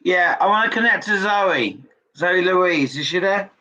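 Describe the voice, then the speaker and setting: A man's voice: high voice, measured pace, sharp tone, rough recording. A man giving spirit messages as a psychic medium, careful and hedging as he speaks. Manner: careful, hedging "I don't know if". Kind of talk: live spirit-message reading.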